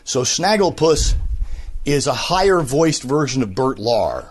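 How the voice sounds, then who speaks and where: At home and walking around, a man who works as a voice actor and radio host chats in a casual interview, slightly out of breath from a cold. His medium-pitched voice is unhurried and husky, and he's an animated, rambling storyteller who slips into impressions.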